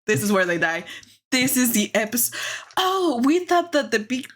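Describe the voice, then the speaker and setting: A woman's voice: on the high side, sing-song, moderate pace, fairly bright tone. Woman, native Spanish speaker, podcast co-host, casual chat, blunt, laughs a lot. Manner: blunt, laughing, swears freely.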